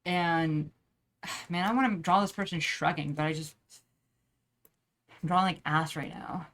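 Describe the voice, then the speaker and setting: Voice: mid-range voice, fairly even intonation, unhurried, fairly bright tone. Young vlogger, loose rambling chat while drawing, swears a lot. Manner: rambling, profane, many restarts.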